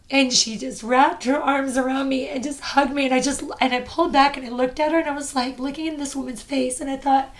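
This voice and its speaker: A woman's voice: high voice, steady tone, brisk, few pauses. A woman podcast host telling a personal story in an earnest, heartfelt way. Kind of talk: casual chat.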